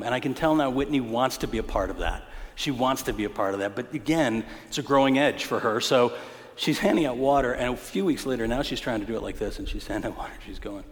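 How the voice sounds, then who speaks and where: A man's voice: mid-range voice, a little hiss or hum. A male pastor telling stories from the pulpit, with a conversational tone and punchy, funny emphasis. His voice sits mid-range for a man. A long hall reverb trails each phrase, as it would in a church. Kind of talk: storytelling sermon.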